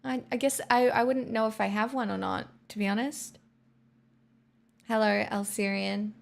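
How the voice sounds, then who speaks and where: A woman's voice: mid-range voice, steady tone, normal speed, gravelly. An Australian woman streaming live, chatting casually with her viewers in a rambling way full of "like" fillers. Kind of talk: casual chat.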